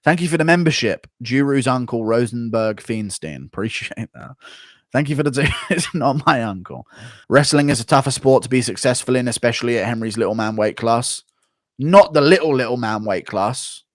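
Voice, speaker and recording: A man's voice: medium pitch, lively intonation, no echo, clean studio sound. A young man hosting a livestream, chatting casually, reading out donations and swearing freely as he rants. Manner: profane, ranting, quick to flare up. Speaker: livestream host.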